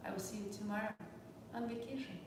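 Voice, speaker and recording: A woman in her forties teaching a live online yoga class from home, speaking in a gentle, reflective and heartfelt way. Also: medium pitch, quick pace, noisy background. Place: home room. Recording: echoey room, distant mic.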